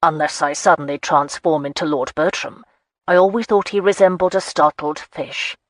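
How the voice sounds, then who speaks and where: A woman's voice: low-pitched, moderate pace, dry recording, natural voice. A woman voicing an aloof, guarded marquis with clipped, dry speech in an audiobook. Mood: teasing. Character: brooding aloof male marquis, teasing, guarded.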